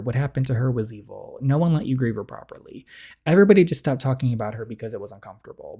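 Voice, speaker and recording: A reader voicing a heartbroken teenage girl confessing love, in a soft, hesitant, pleading way, reading a story game aloud. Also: medium pitch, close to an everyday voice.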